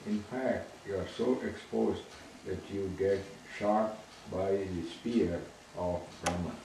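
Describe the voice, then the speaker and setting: A deep-voiced man reads a text aloud slowly and with care. His tone is dark and mellow. He sits far from the mic in a very echoey room with faint ambient noise behind him. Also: steady tone, vocal fry. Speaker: student reading aloud.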